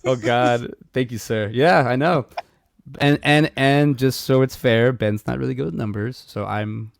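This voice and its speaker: A man raised in Mexico, co-hosting a podcast, telling animated stories in casual chat, acting out voices and laughing often. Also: medium pitch, a little slow, creaky, a little hiss or hum. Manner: animated storyteller, acts out voices, laughs a lot. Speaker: podcast co-host.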